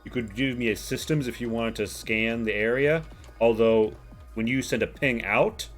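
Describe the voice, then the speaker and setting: A man's voice: mid-range voice, normal speed, faint music behind. A man narrating as game master of a tabletop game, rambling with many fillers.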